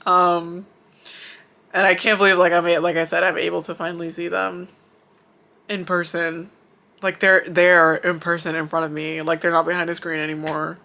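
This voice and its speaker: Gushing young teary vlogger, bright voice. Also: medium pitch, flat delivery, normal speed, vocal fry. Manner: gushing, filler-heavy, rambling with many likes. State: teary, emotional. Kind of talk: emotional fan vlog talk to camera. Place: in Japan.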